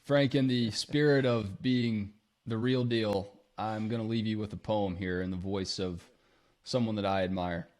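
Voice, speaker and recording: A man's voice: lowish voice, steady tone, measured pace, a little mellow. A man co-hosting a podcast, trading easygoing banter in casual chat. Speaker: podcast co-host.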